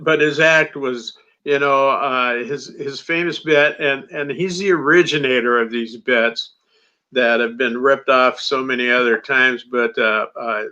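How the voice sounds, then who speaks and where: A man's voice: medium pitch, pushed and bright. A male comedian guest in a casual interview, rambling with lots of fillers. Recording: dull lo-fi audio.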